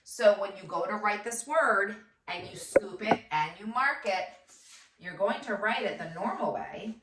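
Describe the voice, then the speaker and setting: Woman teacher, slow careful phonics lesson, sounds out syllables, roomy echo, a bit far from the mic. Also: mid-range voice, fairly bright tone, a little hiss or hum. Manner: sounds out words syllable by syllable, patient. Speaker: first grade teacher. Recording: echoey room, voice off-mic.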